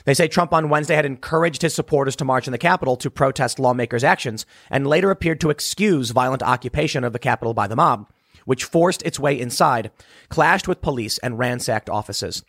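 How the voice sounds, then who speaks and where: A man from Chicago hosting solo political commentary, reading the news aloud and breaking off into rapid, emphatic remarks that often repeat words. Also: mid-range voice, a bit bright, no echo, clean studio sound. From South Side of Chicago.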